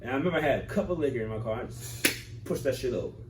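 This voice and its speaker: A young man talks fast and tells his stories with animation, acting out the voices of the people in them. He sounds set back from the mic in a roomy space. A faint hiss sits under the voice. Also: mid-range voice, recorded from a distance. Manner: animated storyteller acting out police stops. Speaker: podcast co-host. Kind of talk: casual group chat.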